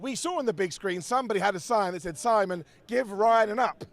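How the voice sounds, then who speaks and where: A man reviewing wrestling outdoors, bantering loudly with fans around him. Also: sits high, brisk, loud music behind the voice. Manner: loud, joking, bantering with fans. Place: outside an arena among a crowd. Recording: loud crowd around him. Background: crowd chatter and street noise.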